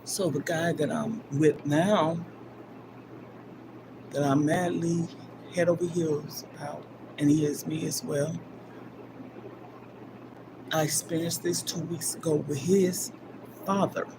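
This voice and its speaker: A woman's voice: sits low, steady tone, takes it slowly, pauses often. Older woman rambling emotionally on a live stream. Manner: rambling and emphatic, swinging from loud bursts down to near-whispers. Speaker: livestream host. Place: gym. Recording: livestream with clear background noise.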